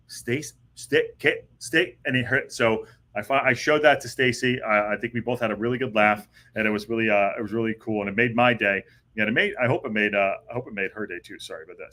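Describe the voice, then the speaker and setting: This man hosts a live football podcast, and his mid-range voice carries a fairly bright tone. He chats casually on the stream, rambling along with plenty of fillers and restarts.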